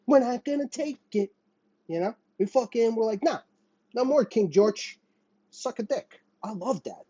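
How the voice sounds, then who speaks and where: A man's voice: medium pitch, mellow, slightly rough, no echo, dull audio. A man from the United States venting in a rambling, profane monologue, often restarting and apologizing mid-sentence. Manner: profane, rambling, self-interrupting. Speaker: vlogger. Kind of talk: ranting monologue to camera. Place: small apartment with a running window air conditioner.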